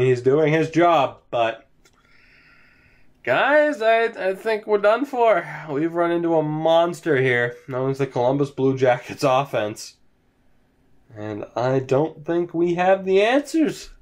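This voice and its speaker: A young man sits at home offering casual let's-play commentary on his hockey video game franchise. His fairly high, expressive voice moves slowly with a darkish tone, and as his team loses he sighs, yawns and sounds resigned.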